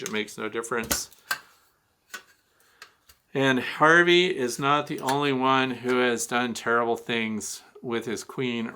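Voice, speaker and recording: Blunt man with a bright voice. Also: mid-range voice, a little hiss or hum. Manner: blunt, teasing instructor. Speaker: beekeeping show host. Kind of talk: hands-on gear demonstration.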